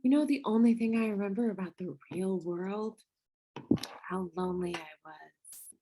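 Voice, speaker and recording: A woman reading a wistful young ghost girl, speaking softly in a script read-through. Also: mid-range voice, moderate pace, noisy background, lightly acted. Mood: resigned.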